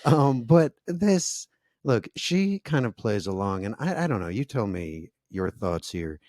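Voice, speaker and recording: A man co-hosting a podcast, recapping a reality show in a sarcastic, animated way with frequent laughs. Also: fairly low pitch, normal speed, no echo, studio quality. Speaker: podcast co-host. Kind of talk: casual recap chat.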